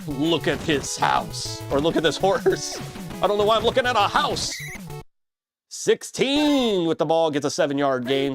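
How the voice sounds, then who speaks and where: A man provides play-by-play commentary for a football match in a video game, using a high, very lively voice. On big plays he jumps up into shouts, and his comedic, crude delivery is packed with quick jokes. Music is clearly audible in the background.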